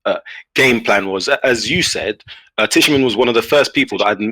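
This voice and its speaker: A man telling a story in a casual podcast chat, animated, with many restarts. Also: mid-range voice, fairly quick, no echo, poor audio. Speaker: guest player.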